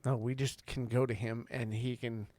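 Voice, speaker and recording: A man co-hosting a faith podcast, telling a story in an earnest, animated way. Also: mid-range voice, moderate pace, no echo. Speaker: podcast co-host. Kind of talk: casual faith podcast conversation.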